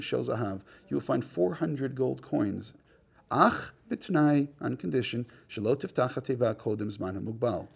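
A man's voice: medium pitch, creaky, breathy edge. A man teaching a class, reading a text aloud, translating it line by line and joking with the students. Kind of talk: classroom lecture.

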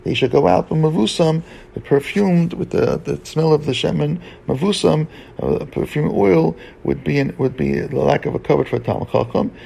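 A man teaching a Talmud lesson in a halting way, restarting his sentences often and mixing English with Hebrew and Aramaic terms. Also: fairly high pitch, vocal fry, dark tone, husky, poor audio. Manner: halting, with many restarts and fillers. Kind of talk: Talmud study lecture.

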